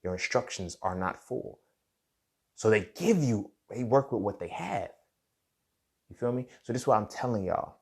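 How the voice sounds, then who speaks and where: A young podcast host with a lowish, darkish voice speaks expressively at a moderate pace, pausing often. His casual motivational monologue is a story laced with swearing, and he keeps asking "you feel me."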